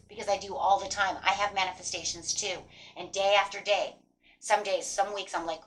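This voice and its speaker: A woman giving a casual spoken tarot reading, animated and encouraging, mixing card text with chatty asides and acted-out quotes. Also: mid-range voice, fairly quick, slight background noise, low-quality recording. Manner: acts out quoted inner voices. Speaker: tarot reader.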